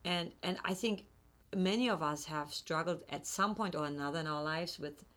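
A woman's voice: low-pitched, moderate pace, fairly bright tone. A woman hosting an interview, earnest and encouraging as she talks. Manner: earnest, encouraging, restarts words. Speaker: host. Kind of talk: supportive interview talk.

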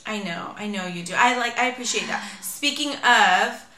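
A woman's voice: mid-range voice, normal speed, sharp tone, echoey room, a little hiss or hum. A woman in her forties co-hosting a podcast, chatting casually with teasing, dry quips. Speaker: podcast co-host. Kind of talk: casual chat.

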